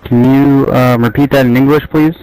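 A man trolling other players over in-game voice chat, deadpan and mock-serious. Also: medium pitch, moderate pace, smooth, low-quality recording.

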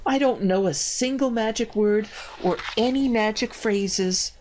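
A woman's voice: measured pace, a little mellow, slight background noise, lightly acted. A woman voicing a tiny, eager young girl witch who turns stubborn, reading from a storybook. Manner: high, pleading, emphatic.

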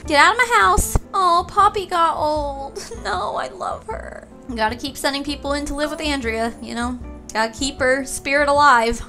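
A woman hosting a gaming channel, giving animated let's-play commentary and swearing and exclaiming at the game. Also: high-pitched, moderate pace, over music.

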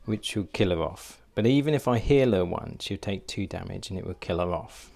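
A man's voice: low voice, expressive, normal speed, gravelly, darkish tone. A man narrating a solo board game playthrough, thinking aloud and hesitating with fillers as he works out each move.

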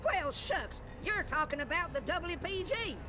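Casting: folksy robot cowboy crow, very high voice, steady noise behind. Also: female voice, a little slow, heavily acted. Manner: twangy folksy cowboy slang.

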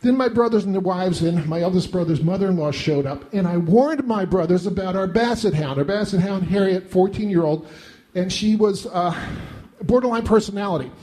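Middle-aged man, comic monologue, high pitch, self-deprecating, animated. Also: fairly quick. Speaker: storyteller.

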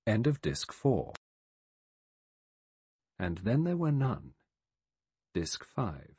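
A man narrating an audiobook with a measured, expressive reading and a husky voice, close to the mic. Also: fairly low pitch, no room sound. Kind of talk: scripted narration.

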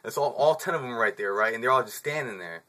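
Male, 20s, vlogger storyteller; bright, tense tone, casual profane slang. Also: mid-range voice, lively intonation, quick pace, a little hiss or hum. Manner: profane, laid-back slang, chuckles through the telling.

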